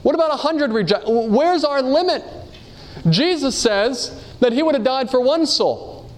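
A man's voice: extremely high pitch, expressive, measured pace. A man preaching a sermon, earnestly asking his audience rhetorical questions and telling personal stories. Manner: reads quotations aloud and tells personal stories.

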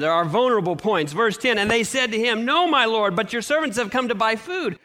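A man preaching a sermon, telling a scripture story with expressive shifts and rhetorical questions. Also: very high voice, a little fast, few pauses. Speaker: pastor.

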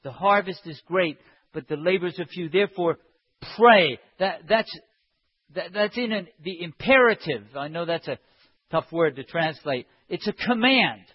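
A man's voice: sits high, expressive, normal speed, husky. A man preaching a sermon in an impassioned way, building up to emphatic cries. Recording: dull sound in a reverberant hall.

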